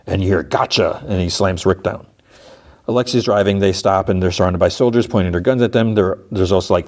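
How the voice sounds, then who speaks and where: Low-voiced male podcast host, loose and rambling, retelling a story. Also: darkish tone. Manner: rambling, filler-heavy storytelling. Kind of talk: casual episode recap.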